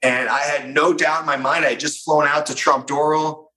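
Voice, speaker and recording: Bright-voiced man telling a story. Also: fairly high pitch, poor audio. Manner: animated, fast-paced anecdote with many fillers. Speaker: guest. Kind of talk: storytelling in a casual interview.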